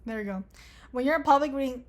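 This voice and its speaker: With a high voice and a quick pace, this young vlogger casually reads out an online quiz and reacts to it. She's sarcastic, swears freely and laughs a lot.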